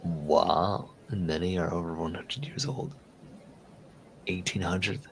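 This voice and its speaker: Guy with a low voice chilling on his stream, rambly, keeps repeating himself. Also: fairly even intonation, takes it slowly, gravelly, a little hiss or hum. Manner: rambling, laughs easily, repeats words. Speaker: livestream host. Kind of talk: casual chat.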